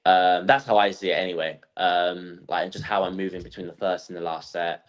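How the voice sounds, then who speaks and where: A man's voice: deep voice, a little fast, rough recording. Chatty young man telling stories. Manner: animated storytelling, acts out quotes; lots of fillers like um and like. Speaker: guest athlete. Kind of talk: casual podcast chat.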